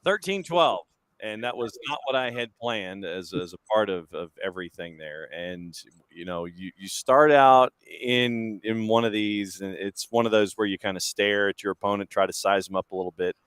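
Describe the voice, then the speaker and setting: A male sports analyst with a lowish, smooth and resonant voice. He breaks down a game in a measured, analytical way, and the sound is dry and close. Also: fairly bright tone, no room sound. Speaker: guest lacrosse analyst.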